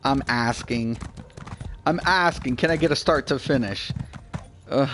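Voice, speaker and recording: A man in his forties hosting a gaming channel, ranting bluntly and swearing freely, swinging between low grumbling and loud excitement. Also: measured pace, long pauses, a little hiss or hum. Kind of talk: casual gameplay rant.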